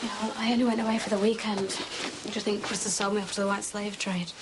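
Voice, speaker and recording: A woman's voice: medium pitch, flat delivery, fast, very noisy, natural voice. An actress playing a curt, dismissive young woman brushing off her mother, in a TV drama. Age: young adult.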